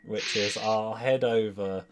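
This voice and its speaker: Casting: male player, lowish voice, plotting and jokey, faint music bed. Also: steady tone, slow pace, clear, resonant tone. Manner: scheming, swearing, joking. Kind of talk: playing a tabletop game.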